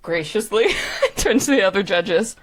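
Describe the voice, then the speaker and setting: A woman's voice: mid-range voice, lively intonation, measured pace. A woman game master narrating a tabletop game in a giggly, playful way.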